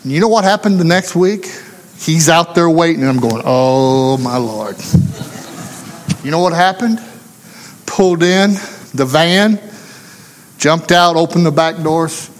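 A man preaches a sermon in a folksy storytelling manner, slipping into the voices of the people in his tale. His voice sits high for a man. It rings with the long reverb of a church hall. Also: moderate pace, long pauses. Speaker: pastor.

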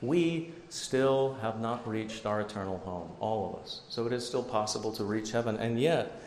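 A man's voice: lowish voice, moderate pace, darkish tone, slight background noise. A man preaching a sermon as pastor, conversational, with self-deprecating asides. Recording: echoey hall with long reverb, faint ambience.

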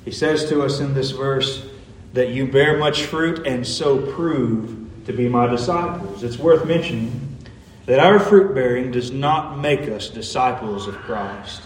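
A man's voice: medium pitch, a little slow, slight background noise. Man preaching in an echoey hall. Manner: earnest preaching, swelling to emphatic peaks. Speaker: pastor. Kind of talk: sermon. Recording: echoey hall, mic at a distance.

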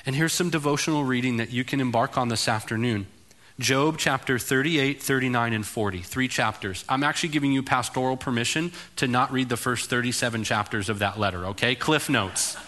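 A male pastor delivering a sermon in an animated, emphatic, conversational way. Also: medium pitch, a little fast.

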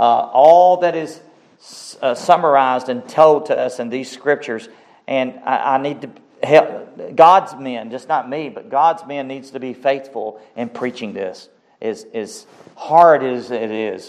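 A man preaching a sermon, emphatic and repetitive, his voice climbing on key phrases before dropping back. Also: mid-range voice. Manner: slow, emphatic preaching with rising outbursts and repeated phrases.

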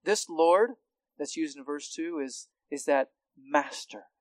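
A man's voice: a little high, slow, dry recording. Conversational man teaching scripture. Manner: conversational, with frequent restarts and tag questions. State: hard of hearing. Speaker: Bible teacher. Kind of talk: expository Bible teaching.

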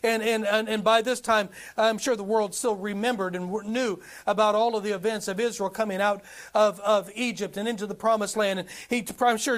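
A man delivers an animated sermon, reading scripture aloud and firing off many rhetorical questions at the congregation. His voice sits high and his delivery is brisk.

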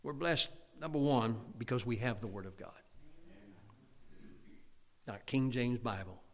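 A man preaching a fiery sermon as pastor, loud and emphatic, with stammered restarts. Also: mid-range voice, lively intonation, a little slow. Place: church sanctuary. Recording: long church reverb.

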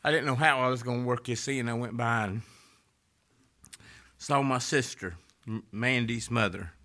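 A man preaching a sermon, swinging from loud rising exhortation down to hushed near-whispers. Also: mid-range voice, normal speed.

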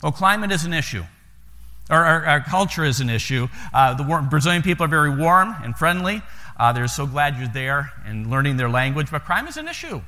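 American missionary man with a bright voice in a large hall. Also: fairly high pitch. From United States. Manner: folksy, repeats words when starting sentences. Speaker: missionary pastor. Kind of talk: sermon storytelling to a congregation.

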